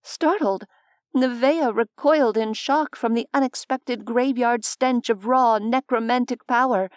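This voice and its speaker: A woman reading a fantasy audiobook in a measured, expressive narration on a close studio mic. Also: fairly high pitch, smooth, dry recording.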